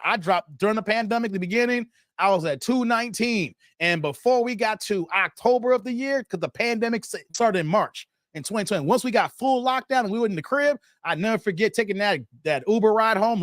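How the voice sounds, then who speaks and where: Brief: animated male streamer, high bouncy voice, dry close sound, keeps laughing and ribbing his chat from a home basement setup. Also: a little fast, no room sound. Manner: animated, joking, laughs often, talks back to chat. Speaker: livestream host reading viewer chat. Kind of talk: casual livestream chat.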